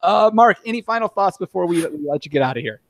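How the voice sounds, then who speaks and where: A man's voice: high voice, expressive, fast talker, vocal fry, a bit bright. A man hosting a casual podcast, chatty and full of filler words. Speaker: podcast host.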